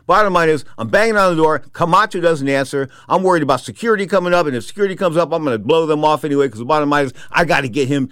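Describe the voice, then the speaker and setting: An older man, a boxing announcer, telling an animated anecdote, repeating himself and acting out the people he quotes. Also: fairly high pitch, dry recording, studio quality. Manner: animated, repetitive, acts out quotes. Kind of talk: storytelling anecdote.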